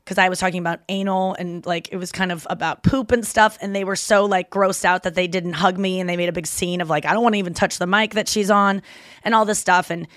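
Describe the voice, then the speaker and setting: A woman's voice: lowish voice, steady tone, quick pace, few pauses, dry recording, clean studio sound. A woman in her thirties hosting a podcast, chatting casually and retelling stories with quoted voices. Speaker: podcast host and comedian.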